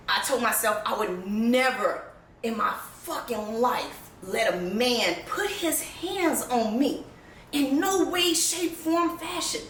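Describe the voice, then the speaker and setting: A woman with a high, bright voice tells her own story straight to camera, blunt and profane, laughing often. She sounds emotional, close to tears. She is picked up from a distance in an echoey room with faint noise behind her. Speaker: vlogger. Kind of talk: candid personal storytelling. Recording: roomy echo, distant mic, faint background noise.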